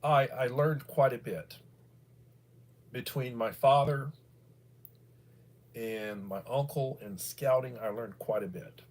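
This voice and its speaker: Speaking slowly with long pauses, a middle-aged American man rambles casually while hosting a livestream. His mid-range voice has a bald quality, and his talk is loose, full of fillers and restarts.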